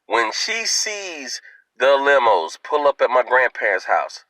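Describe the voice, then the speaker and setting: Animated man telling a funny story. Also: medium pitch, a little slow, no echo, rough recording. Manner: animated, playful, addresses viewers directly. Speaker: video host. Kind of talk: comic storytelling vlog.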